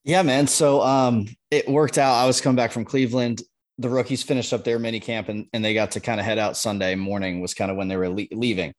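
A man telling a story casually on a podcast, relaxed and loose, with lots of fillers. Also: mid-range voice, brisk. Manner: laid-back, loose with fillers like "um" and "like". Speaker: podcast regular.

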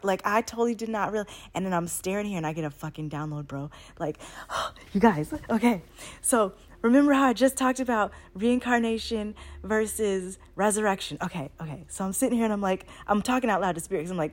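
Rambling, excitable woman swearing casually. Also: medium pitch, moderate pace. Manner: rambling, profane, excitable, slangy. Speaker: spiritual channeler. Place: home, at night.

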